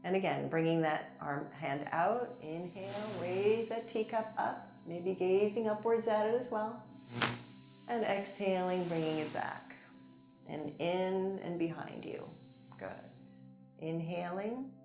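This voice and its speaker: Gentle low-voiced woman guiding chair yoga. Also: measured pace. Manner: gentle and encouraging, with light laughs. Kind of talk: guided yoga class instruction. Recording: echoey room with soft music. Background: soft background music.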